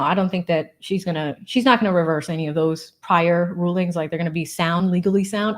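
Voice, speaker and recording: A bubbly woman hosts a casual livestream, reading out donations and chatting about a court case. Her voice sits at an ordinary middle pitch, and she talks in an animated, friendly way, with frequent laughs between thank-yous. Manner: thanks supporters warmly, explains legal points. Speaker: legal commentary livestream host.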